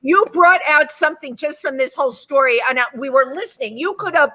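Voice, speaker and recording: A woman's voice: sits high, a little fast, pushed and bright. A woman hosting a talk show interview in a restaurant, reacting expressively to her guest. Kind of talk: casual interview chat.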